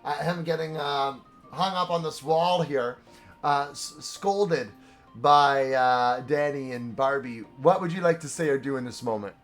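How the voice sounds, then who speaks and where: A man's voice: a little high, unhurried, faint music behind. A man narrating a tabletop game as game master, casual and hesitant. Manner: casual, hesitant with fillers and laughs.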